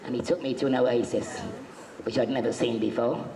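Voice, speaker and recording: A chatty man on a convention panel tells jokey stories to a live audience, acting out quotes, in an echoey hall with faint background noise and audible crowd noise. His voice is medium-pitched, steady in tone, and brisk.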